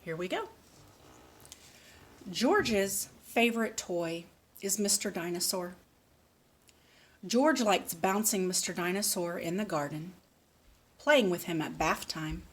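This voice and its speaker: A woman reading a picture book aloud slowly and patiently, stopping to ask a child questions. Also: fairly low pitch, animated, slightly rough. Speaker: speech therapist.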